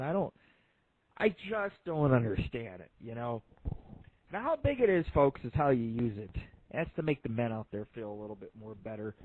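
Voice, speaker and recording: A man's voice: mid-range voice, no echo. Profane man on a tinny line. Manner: profane, rambling, lots of fillers. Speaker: internet radio host. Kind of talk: crude joke-telling monologue. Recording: phone-like lo-fi line.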